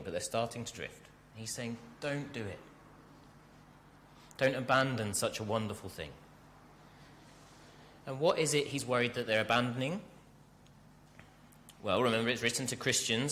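Bright-voiced male preacher in a reverberant church. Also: medium pitch, a little hiss or hum. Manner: animated, addresses the congregation directly. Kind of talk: sermon. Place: church hall.

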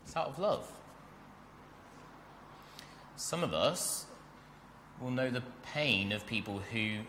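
A man preaching a sermon, animated and speaking directly to his congregation in a church. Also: medium pitch, slow, long reverb tail, slight background noise. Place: church hall.

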